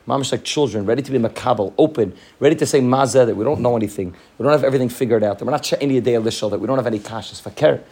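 A man giving a Torah talk, telling a Hasidic story in rapid, heartfelt speech that repeats phrases and weaves in Hebrew and Yiddish terms. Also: mid-range voice, darkish tone, slightly rough. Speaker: Torah teacher.

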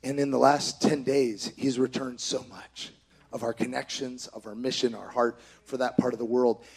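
A middle-aged man preaching a sermon with impassioned exhortations, rising to shouts. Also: mid-range voice, flat delivery, moderate pace, gravelly, breathy edge.

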